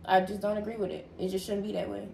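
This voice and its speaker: Soft-spoken young woman in echoey room. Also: medium pitch, level tone, fast talker, creaky. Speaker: family member joining the talk. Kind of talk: casual chat. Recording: echoey room with faint noise.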